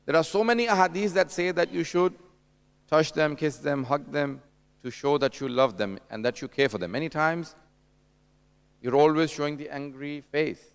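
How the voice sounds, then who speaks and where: A man's voice: a little high, moderate pace, gravelly, clear, resonant tone. A man giving a conversational sermon at a religious gathering, addressing the audience directly and telling anecdotes. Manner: tells anecdotes and acts out dialogue. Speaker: religious lecturer at a mourning gathering.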